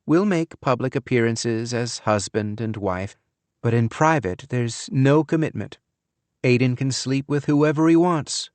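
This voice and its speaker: A man's voice: mid-range voice, a little slow, no room sound, pitched above the performer's own voice, natural voice. A man voicing a cold, scheming young woman in an audiobook, with a breezy, offhand delivery. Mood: breezy, callous. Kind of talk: audiobook character voice.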